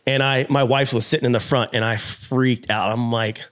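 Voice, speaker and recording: A man guest on a podcast, telling a story in an animated way and acting out his own past lines with plenty of swearing. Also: medium pitch, normal speed. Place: podcast studio.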